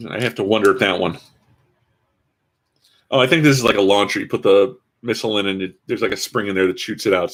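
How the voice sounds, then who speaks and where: A man casually commenting as he builds a toy kit, rambling with dry, self-mocking asides. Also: on the low side. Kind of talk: casual live-stream commentary.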